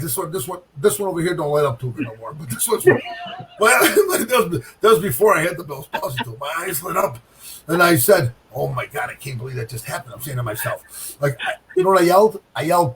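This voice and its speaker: Animated storytelling man, slightly high voice. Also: a little fast, recorded from a distance, a little hiss or hum, poor audio. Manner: animated storyteller with sound effects and repeated phrases. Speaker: guest pro bowler. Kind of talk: casual storytelling chat.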